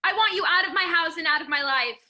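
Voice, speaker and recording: A woman's voice: very high voice, fast talker, sharp tone, heavily acted. A young woman playing a woman firmly breaking up with her boyfriend in a stage play. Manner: firm, cold, resolute. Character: young woman ending a relationship.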